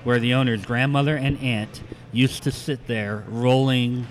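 A man speaking as a guest on a radio show, relaxed and chatty as he slips into an anecdote of his own. His pitch sits right in the middle for a man, and his delivery stays plain and steady. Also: measured pace, a little hiss or hum. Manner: easygoing, anecdotal. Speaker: guest, political consultant. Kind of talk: casual chat.

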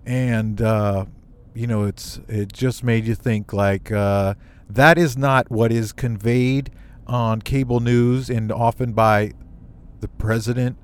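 A man from the United States telling a personal story on his own show, animated and emotional, with quick asides. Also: mid-range voice, clean tone.

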